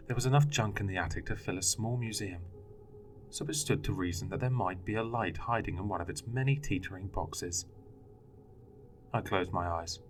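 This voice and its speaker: Deep-voiced man narrating horror. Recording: faint music bed.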